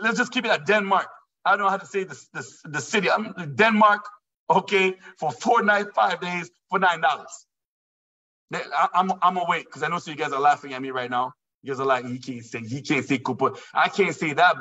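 A man with a high, bright voice hosts a live sales pitch, joking and playing out his listeners' lines. He sounds distant and a bit dull, as from a lo-fi recording. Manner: playful, joking, quotes imagined listeners. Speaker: host of a live sales presentation.

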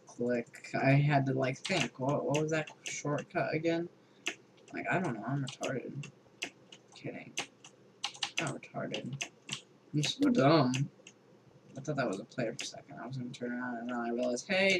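A man's voice: on the high side, noisy background. A young man rambling through casual gameplay commentary, sarcastic and full of filler words, with typing behind him. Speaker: gamer.

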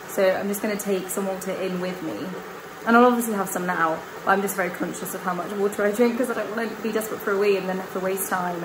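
A woman's voice: medium pitch, background noise. A young woman, chatting casually in a home vlog, rambling and self-deprecating as she talks from her bedroom. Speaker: vlogger.

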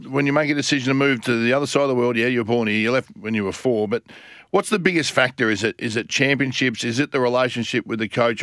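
A man's voice: mid-range voice, a bit bright, dry recording, clean studio sound. A man with an Australian accent co-hosting breakfast radio, asking questions enthusiastically.

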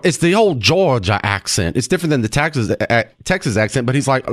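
A man's voice: medium pitch, animated, fairly quick, dry recording. A man hosting a talk radio show, bantering in a brash, joking way from a studio mic. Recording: dry studio sound.

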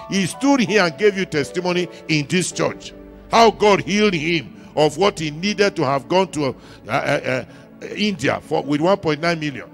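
Gravelly Nigerian pastor preaching emphatically. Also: male voice, on the high side, lively intonation, normal speed, soft background music. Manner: emphatic call-and-response preaching, repeating lines. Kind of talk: sermon. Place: church.

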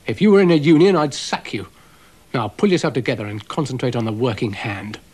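A man's voice: mid-range voice, brisk, a little mellow, husky, lightly acted. Dougal, a man doing a haughty dog. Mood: bossy. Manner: haughty, bossy, self-important. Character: vain grumpy shaggy dog, adult male. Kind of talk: storybook narration with character voices.

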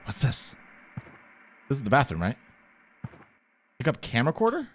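A man's voice: mid-range voice, wildly swooping pitch, moderate pace. A man giving nervous, joking commentary while playing a horror game, jumpy and easily startled. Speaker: gaming streamer.

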